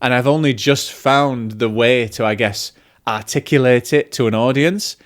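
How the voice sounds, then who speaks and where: A man's voice: mid-range voice, moderate pace. A man, a film vlogger chatting casually and self-deprecatingly, drifting off on tangents. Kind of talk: casual chat.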